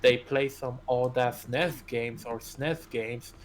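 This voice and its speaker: A man's voice: mid-range voice, fairly even intonation, slow. A man co-hosting a casual gaming stream, ranting with heavy profanity and strong opinions.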